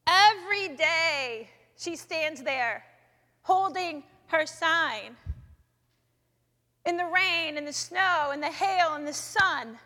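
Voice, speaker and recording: High, bright woman telling a chapel testimony. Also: slow pace. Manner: lively storytelling, acting out her own thoughts. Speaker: chapel speaker sharing a faith story. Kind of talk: personal testimony talk. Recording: long echoey hall reverb.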